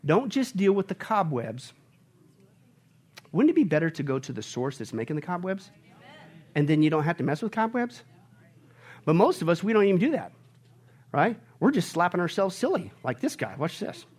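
A high-voiced man preaches to his congregation with a very lively, swooping delivery. He jokes with the room and bursts out loudly now and then. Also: moderate pace, pauses often, breathy edge. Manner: animated, joking preacher with sudden loud bursts. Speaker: pastor. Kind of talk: sermon.

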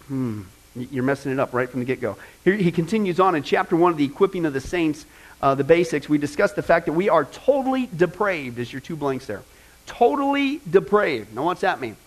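A man preaching a sermon to a congregation, animated and joking, often asking the audience questions and painting vivid pictures. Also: on the high side, low-quality recording. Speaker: pastor.

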